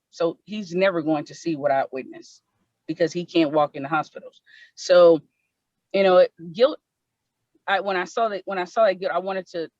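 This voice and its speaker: A woman's voice: on the low side, no echo. Woman on a video call telling her own story, earnest, circles back on words, muffled lo-fi sound, dry. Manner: earnest, repeats herself when moved. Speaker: panel presenter. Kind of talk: emotional personal storytelling. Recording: dull lo-fi online call audio.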